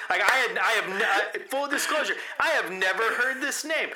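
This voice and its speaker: High-voiced animated man in an echoey room. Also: moderate pace, hardly any pauses, very noisy. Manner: animated storytelling, acts out quotes. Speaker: podcast co-host. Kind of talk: casual podcast chat.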